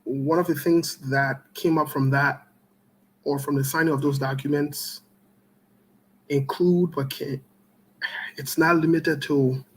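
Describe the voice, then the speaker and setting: Man, talk show host, high voice, slow deliberate delivery, greets callers by name. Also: rough recording. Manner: greets callers by name in a steady string, joking asides. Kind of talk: call-in talk show greetings and political commentary.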